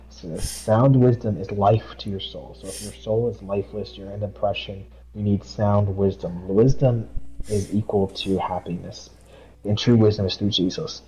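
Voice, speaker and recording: A man hosting a casual Bible study, arguing his points emphatically and reading verses aloud slowly. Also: on the low side, steady tone, mellow, dull audio. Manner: emphatic, talks over the other speaker, reads verses slowly. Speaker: host leading a Bible study.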